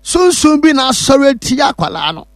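A man's voice: very high voice, sing-song, normal speed, fairly bright tone, no room sound, clean studio sound. A man with a Ghanaian accent, speaking as a pastor who gives testimony and church announcements in an emphatic, repetitive, preacherly way.

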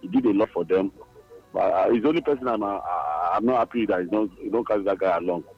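A Nigerian-accented man calling in to a radio show, his low voice coming through a dull, lo-fi phone line. He speaks haltingly, pausing and restarting as he hunts for the right words. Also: slightly rough. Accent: Nigerian English. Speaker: caller. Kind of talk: phone-in call.

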